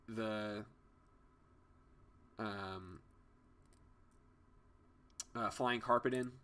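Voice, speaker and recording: A man's voice: medium pitch, sharp tone, smooth. A young man narrating as game master of a tabletop game, hesitant with many fillers and restarts.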